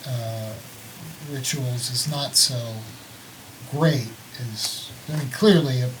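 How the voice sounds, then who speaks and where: Player, in character, hesitant, slow, halting, distant mic, clear hiss. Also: mid-range voice. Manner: hesitant, halting with many fillers. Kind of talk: in-character role-play.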